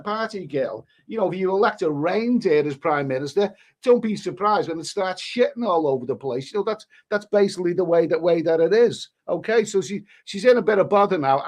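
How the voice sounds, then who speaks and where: A man's voice: sits high, animated, brisk, hardly any pauses, a little mellow. A man, hosting a live stream and rambling through crude commentary with many restarts. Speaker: livestream host.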